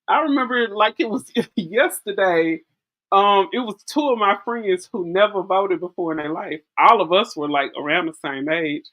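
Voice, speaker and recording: A woman's voice: lowish voice, fairly bright tone. A woman, chatting casually and animatedly about politics, telling stories with frequent laughs. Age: early 40s. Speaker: vlogger. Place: outdoors in wind.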